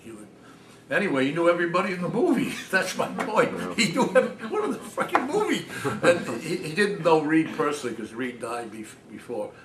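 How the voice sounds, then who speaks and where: An older man telling anecdotes to an audience in a small cafe, animated and often laughing, mimicking other people's voices. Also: fairly high pitch, a little fast. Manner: animated, laughing storyteller, mimics his father's voice. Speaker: author giving a talk. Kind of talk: anecdotal storytelling talk. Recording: roomy, distant mic, noisy.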